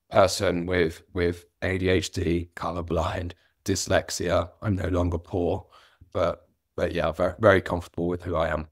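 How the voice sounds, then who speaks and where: A man's voice: sits low, dry recording. Earnest middle-aged London man, dry close sound. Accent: London, slightly Cockney. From England. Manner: earnest, reflective, occasional self-amused laughter. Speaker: author and business guest. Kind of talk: candid interview answers.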